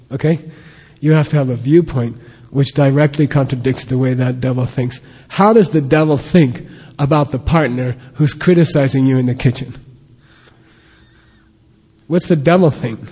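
A man's voice: medium pitch, mellow, breathy edge. A man teaching a Buddhist text, explaining terms patiently and checking in with his listeners often. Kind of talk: lecture on a scripture. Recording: long hall reverb.

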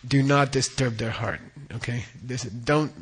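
Teaching the dharma in an easygoing way, this middle-aged Buddhist teacher has a slightly rough voice of ordinary male pitch. He goes over terms slowly, repeats important words, and checks understanding with "okay?".

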